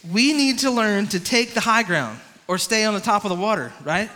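Man as youth pastor, high and bright, interactive coaching delivery, reverberant hall. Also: normal speed. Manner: energetic, interactive, coaching and calling on the crowd. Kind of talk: youth sermon with a live swimming demonstration.

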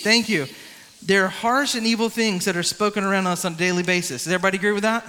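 A man preaching a lively youth sermon, coaching a volunteer through swimming moves and calling on the crowd. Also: high-pitched, a little fast, long reverb tail. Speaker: youth pastor.

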